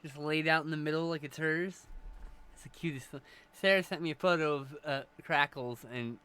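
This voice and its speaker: A man's voice: on the high side, fairly even intonation, normal speed, pushed and bright, clear, resonant tone. A man streaming live, chatting casually and joking while relaying messages from chat.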